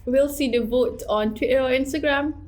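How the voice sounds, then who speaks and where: A woman's voice: sits high, normal speed. A woman co-hosting a student podcast in playful casual chat, who sometimes stumbles over words. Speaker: podcast co-host.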